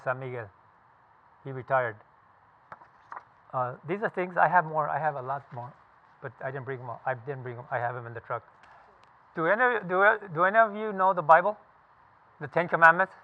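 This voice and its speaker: A man in his seventies from California, a veteran telling his story to a group of listeners in a blunt, profane, emphatic way. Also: a little high. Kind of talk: casual spoken recollection to a group. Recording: tinny phone-like sound.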